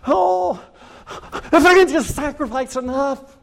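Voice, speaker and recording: A man voicing a frantic male idol worshipper, pleading in a shrill, begging voice. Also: takes it slowly, gravelly, fairly bright tone, heavily acted. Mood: desperate.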